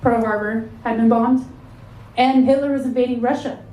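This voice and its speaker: A woman in her thirties performing a stand-up comedy set with a dry, deadpan delivery on a club stage, speaking into a handheld mic. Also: on the high side, moderate pace. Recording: echoey club with loud audience laughter.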